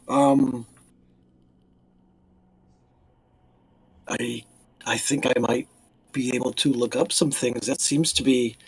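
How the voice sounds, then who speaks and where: A man voicing a stern but caring noblewoman who leads a knighthood, speaking in an earnest, measured and formal way. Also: medium pitch, breathy edge, no echo. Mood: hesitant.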